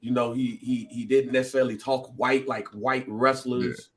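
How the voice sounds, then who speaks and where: A man co-hosting a casual podcast, joking and laughing as he talks. His voice keeps jumping up into high, animated bursts, and he sits at an everyday middle pitch. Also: moderate pace. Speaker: podcast co-host.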